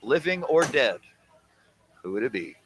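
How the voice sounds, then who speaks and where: Male host for a casual stream: bright tone, lively and teasing. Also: mid-range voice, measured pace, slight background noise. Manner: teasing, animated. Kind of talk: casual livestream chat.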